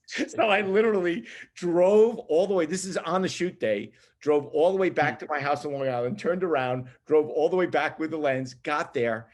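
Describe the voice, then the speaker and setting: A man, a photographer, telling a lively story about his assistant days in casual group chat over a video call. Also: fairly high pitch, moderate pace, few pauses. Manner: animated, lively storyteller who laughs at his own story.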